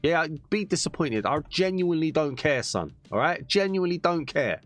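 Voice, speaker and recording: A young man commentating on a football video game, veering between excited shouts at goals and muttered frustrated grumbling. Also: on the high side, normal speed, no room sound, soft background music. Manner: animated, bursts into shouts at goals. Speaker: gaming YouTuber. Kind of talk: gameplay commentary.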